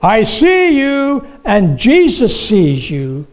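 A shrill, high parrot squawk, put on by a preacher in a sermon story. The bird drags out its words slowly and sing-songs its warning. It sounds watchful and repetitive. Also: male voice, wildly swooping pitch, heavily acted. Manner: slow, shrill, sing-song repeating.

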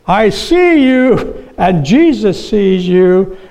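Guy doing a squeaky high parrot, dragging every word out slow. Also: sing-song, gravelly, a little mellow, exaggerated voice. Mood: eerie. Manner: slow, drawn-out squawking repetition. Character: shrill watchful pet parrot.

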